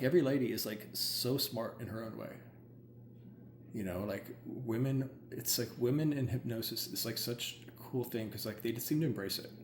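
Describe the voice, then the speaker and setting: A man who works as a hypnotherapist, chatting casually and excitedly, rambling with many "like"s. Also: medium pitch. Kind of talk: casual chat. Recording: roomy with faint ambient noise.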